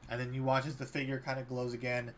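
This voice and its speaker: A man's voice: medium pitch, monotone, quick pace. A man narrating a tabletop game as game master, loosely, with many fillers. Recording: faint background noise.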